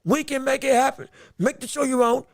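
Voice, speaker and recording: A man's voice: very high voice, steady tone, a little fast, dry recording, clean studio sound. A man hosting a boxing podcast livestream, talking emphatically and repeating himself when worked up. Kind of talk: livestream sports commentary.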